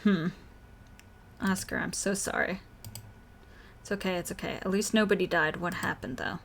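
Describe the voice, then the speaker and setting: A woman's voice: lowish voice, fairly even intonation, normal speed, a little hiss or hum. A woman reads a horror visual novel aloud on stream, giving every character's lines in her own everyday voice. Between lines she breaks off to react to the story. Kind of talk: reading game dialogue aloud with own reactions.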